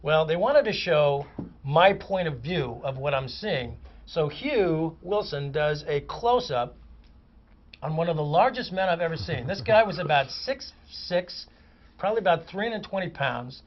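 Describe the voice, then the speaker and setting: A man, a comic actor, telling lively anecdotes as a guest on a chat show. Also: on the high side, a little slow, a little hiss or hum. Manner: animated raconteur, vivid descriptive detail. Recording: muffled lo-fi audio.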